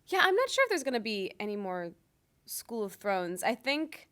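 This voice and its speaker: Woman, young adult, voice actor guest, casual interview talk, fillers, medium pitch. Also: very animated, normal speed, fairly bright tone. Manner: chatty, lots of ums and likes, laughs easily. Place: convention interview.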